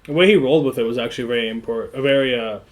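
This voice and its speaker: A man casually chatting as the host of a reaction video, relaxed and full of "like" fillers. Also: medium pitch, rapid-fire. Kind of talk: casual chat.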